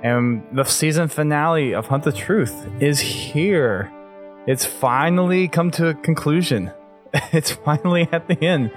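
A man hosting a casual podcast, excitable, laughing often and trailing off mid-sentence. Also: medium pitch. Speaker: podcast host.

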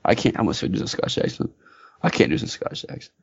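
A man's voice: fairly low pitch, sing-song, quick pace, vocal fry, breathy edge, no echo, highs cut off. A man co-hosting a casual gaming podcast, joking around and reading listener submissions. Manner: jokey, drops into silly put-on voices. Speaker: podcast co-host.

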